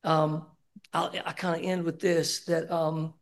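This is a personal share at a recovery meeting, held in a meeting room, where a middle-aged man speaks candidly and emotionally with casual swearing. His slightly high voice has a flat delivery and a measured pace.

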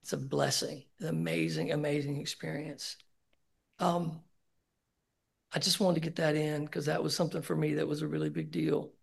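Gravelly middle-aged man sharing at a meeting. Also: fairly high pitch, moderate pace. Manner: candid, emotional, swears casually. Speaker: speaker sharing at a recovery meeting. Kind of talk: personal share at a support group. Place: meeting room.

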